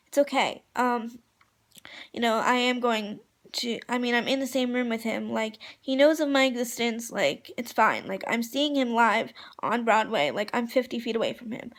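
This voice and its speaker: Excitable young woman with gravelly fry. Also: on the high side, normal speed. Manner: excitable, gushing, filler-heavy. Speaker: vlogger. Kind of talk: casual storytime vlog.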